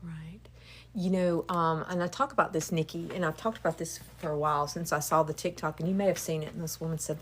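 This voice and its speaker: A woman leading a spiritual healing session, moving between hushed whispering and lively chat. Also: low-pitched, brisk, slight background noise. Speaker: Reiki healer.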